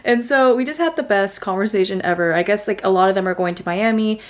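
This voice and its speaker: A woman's voice: mid-range voice, fast. A young woman from Boston, talking in a chatty, bubbly way to her vlog audience, with a lot of "like" and "you know". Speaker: vlogger. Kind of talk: casual vlog narration.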